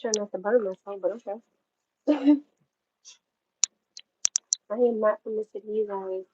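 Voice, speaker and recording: A woman's voice: mid-range voice, a little slow, muffled recording, noisy background. A woman from New York chatting casually to her livestream viewers while cooking at home, rambling and talking straight to them. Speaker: livestream host.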